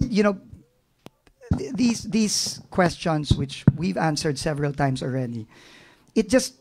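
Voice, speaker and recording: A man's voice: a little high, very animated, unhurried, pauses often, darkish tone. A middle-aged man with a Filipino accent, a government agency head answering press questions frankly and emotionally, slipping into Tagalog phrases. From Philippines.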